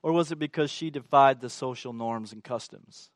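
A man's voice: mid-range voice, normal speed, no room sound, clean studio sound. A man preaching a sermon, emphatic and asking the congregation rhetorical questions.

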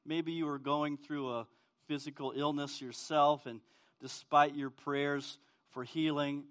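Earnest male pastor, fairly high voice. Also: level tone, moderate pace, fairly bright tone. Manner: earnest, asks the congregation direct questions. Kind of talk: sermon with scripture reading.

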